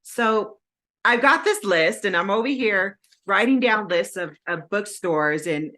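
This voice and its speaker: A woman co-hosting a podcast, telling a story with lively energy and acting out her own phone calls. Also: medium pitch, a little slow. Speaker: podcast co-host, indie author. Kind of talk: casual podcast chat. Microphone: home setup with green screen, video call.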